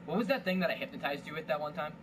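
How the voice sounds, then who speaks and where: A man's voice: fairly high pitch, animated, rapid-fire, noisy background. A young man joking his way through a video game playthrough with a friend, teasing him and breaking into silly chants. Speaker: gaming commentator. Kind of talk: casual gameplay commentary.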